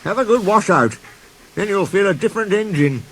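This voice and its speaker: A man's voice: sits high, expressive, fairly quick, fairly bright tone, slight background noise, pitched above the performer's own voice. A man voicing a vain, jealous male tender engine with a pompous, boastful manner.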